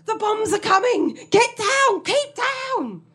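A husky woman doing a frantic old soldier. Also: extremely high pitch, big pitch swings, slow pace, pushed and bright, pitched above the performer's own voice, exaggerated voice. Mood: frantic shouting. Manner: barks frantic battlefield orders. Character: confused old male ex-soldier reliving the war.

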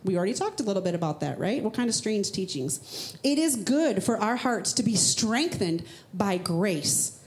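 A woman pastor gives a sermon in a casual, talky way. She leans hard on emphatic phrases and leaps into high, playful rhetorical questions. Her everyday speaking voice sits in a middle pitch. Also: big pitch swings, normal speed, a little mellow, a little hiss or hum. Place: church.

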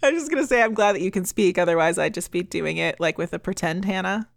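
A woman's voice: on the low side, fast talker, gravelly. Chatty giggly woman co-host. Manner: chatty, filler-heavy, giggly. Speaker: podcast co-host. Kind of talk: casual chat.

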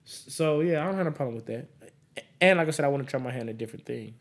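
A young man from Las Vegas hosting a podcast, talking in a relaxed, slangy and profane way. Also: medium pitch, racing. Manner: laid-back, profane, slangy. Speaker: podcast host. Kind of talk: casual chat.

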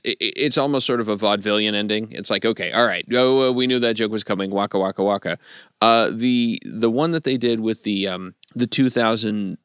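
Wry, smooth-voiced man in dry studio. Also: lowish voice, a bit bright, no room sound. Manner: wry, analytical, dry humor. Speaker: podcast panelist. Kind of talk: casual podcast discussion.

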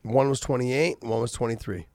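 A man's voice: mid-range voice, moderate pace, a little mellow, no room sound, studio quality. A middle-aged man hosting a casual podcast, talking earnestly with many restarts and fillers. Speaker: podcast host and former fighter.

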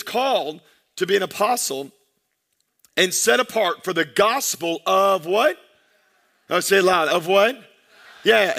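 A man's voice: fairly high pitch, gravelly, bright, forceful tone. A man in his thirties, a pastor preaching a sermon with energy and calling out to his congregation.

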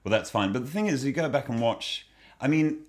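A children's musician and comedian chats as an interview guest, thoughtful and often restarting sentences. His medium-pitched voice has lively intonation and a brisk pace.

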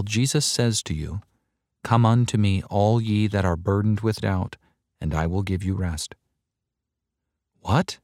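A man preaching a sermon to a large crowd, earnest and measured, driving points home with slow, emphatic repetition. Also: on the low side, no room sound, clean studio sound. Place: large hall before a crowd.

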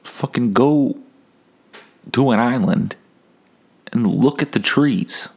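A man's voice: mid-range voice, slow, vocal fry, a little mellow, husky. A man hosting a casual solo podcast, rambling and wry, swearing freely. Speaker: podcast host.

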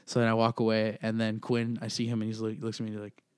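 Young male podcast co-host, smooth resonant voice, dry close studio sound, rambling and profane storyteller. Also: on the low side, monotone, fast talker, a little mellow, dry recording. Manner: rambling storyteller, laughs often, swears freely. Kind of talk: casual chat. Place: small studio.

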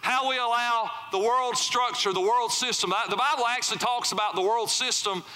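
A man's voice: extremely high pitch, normal speed, sharp tone, a little hiss or hum. A male pastor preaching a sermon in church, talking conversationally and often asking the congregation "right?". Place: church sanctuary.

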